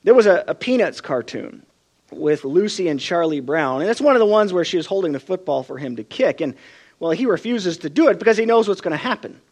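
A man preaching a sermon with a high, lively voice that swoops up and down. He tells his stories with feeling and acts out the voices of the people in them. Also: brisk. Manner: expressive storytelling, acts out quoted voices.

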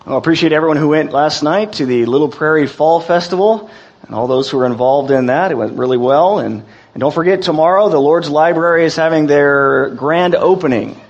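A male preacher delivers a sermon in a folksy, halting way, stopping to restart his phrases. His voice sits somewhat high for a man. It comes through a muffled, low-fidelity recording. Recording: dull lo-fi recording.

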